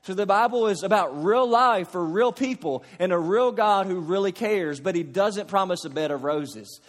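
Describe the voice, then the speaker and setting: A man's voice: high voice, moderate pace. A man preaching a sermon as pastor, earnest and building to impassioned cries. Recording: long reverb of a large hall.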